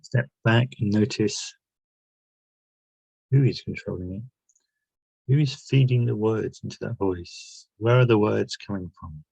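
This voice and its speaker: Slow, gravelly man guiding reflection. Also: on the low side, dark tone, dry recording, highs cut off. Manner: reflective, asks many questions, pauses and restarts. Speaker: workshop leader. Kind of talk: guided self-help talk.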